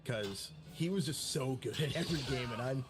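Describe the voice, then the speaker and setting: A man chatting on a stream voice call, telling animated stories and acting out quotes. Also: mid-range voice, normal speed. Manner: animated storyteller who acts out quotes. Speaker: guest on a stream voice chat. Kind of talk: casual group chat on a live stream.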